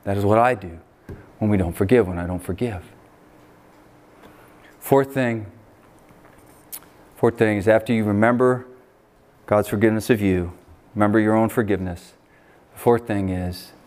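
American pastor preaching with emphasis. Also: male voice, lowish voice, fairly even intonation, moderate pace, pauses often, darkish tone. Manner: preaching with rising emphasis and asides. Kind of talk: sermon.

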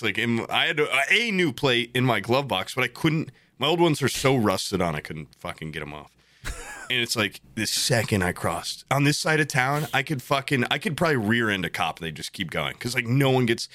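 A man's voice: fairly low pitch, no echo, clean studio sound. A young man in casual podcast chat, telling a story with plenty of swearing and acted-out quotes. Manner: animated storyteller, swears freely, acts out quotes.

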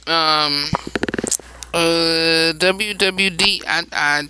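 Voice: mid-range voice, fairly even intonation, very slow, noisy background. A host casually reading gossip headlines and chatting to listeners with asides and laughs, sounding a little tired. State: tired, yawning. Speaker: host of a news and gossip segment.

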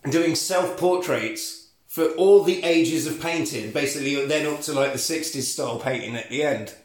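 A man's voice: a little high, normal speed. A man comically retelling a film plot, swearing and acting out the characters. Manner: animated storytelling, swears, acts out characters. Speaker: podcast host. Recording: roomy echo.

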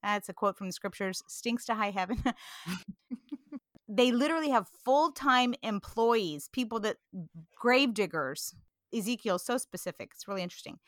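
A woman from California talking earnestly about scripture in a casual discussion, animated and quick to laugh. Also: fairly high pitch, no echo, clean studio sound.

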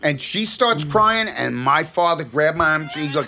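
A middle-aged man, a music producer, telling an animated story and acting out the quotes, with many restarts. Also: fairly high pitch, a little slow. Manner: acts out quotes, restarts often.

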